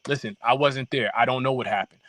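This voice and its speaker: Man, halting speech, lots of fillers, middle pitch, dry close sound. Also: fairly bright tone, dry recording. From New York. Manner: halting, many fillers and restarts. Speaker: documentary filmmaker guest. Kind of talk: casual podcast interview.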